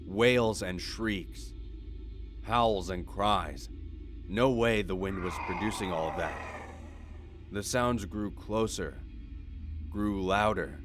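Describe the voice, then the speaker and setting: A man reading a horror story aloud as its narrator, in a measured, steady delivery. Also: deep voice. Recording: faint background music.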